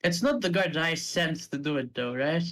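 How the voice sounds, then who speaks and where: A man taking part in a tabletop role-playing game, pausing and checking details with the game master. His voice sits a little higher than most men's. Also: animated, fairly bright tone, poor audio. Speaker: player. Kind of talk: casual tabletop play.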